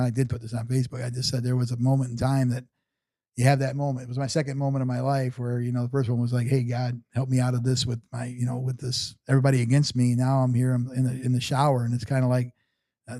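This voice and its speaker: A man's voice: medium pitch, dark tone, no room sound. A man in his sixties, an interview guest telling long personal stories in an earnest, rambling way, often restarting sentences. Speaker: podcast guest. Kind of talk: casual storytelling interview.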